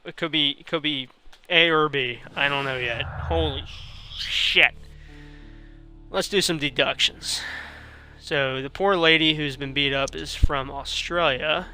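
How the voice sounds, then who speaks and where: A man's voice: fairly high pitch, steady tone, a little slow, sharp tone, soft background music. A young man commenting on his game while tipsy, rambling and swearing freely. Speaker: gamer streaming a playthrough. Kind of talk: casual let's-play commentary.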